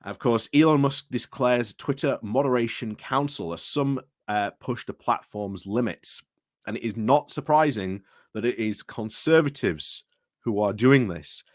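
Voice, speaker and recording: A man's voice: lowish voice, a little slow, no echo, clean studio sound. A British man hosting a casual livestream, rambling through commentary with restarts and greetings to chat, recorded indoors at home. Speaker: livestream host.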